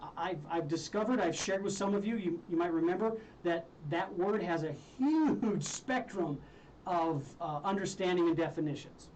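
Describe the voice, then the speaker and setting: A man's voice: high-pitched, moderate pace, darkish tone, distant mic, rough recording. A male radio host chats loosely on a live show, cracking jokes, chuckling and stumbling over restarts. His mid-range voice sits a little back from the mic, with a faint hiss of noise underneath. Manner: joking, chuckling, with many fillers and restarts. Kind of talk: casual live radio talk.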